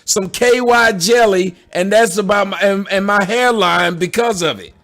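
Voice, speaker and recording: A woman's voice: medium pitch, normal speed, a bit bright. A woman giving sarcastic, indignant reaction commentary. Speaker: commentator answering a critic.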